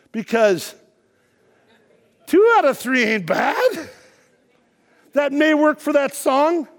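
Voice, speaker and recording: A middle-aged man preaching a sermon to his congregation, emphatic and building to shouted peaks. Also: very high voice. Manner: emphatic preaching, shouting at peaks, quiet when telling personal story. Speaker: pastor. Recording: long hall reverb.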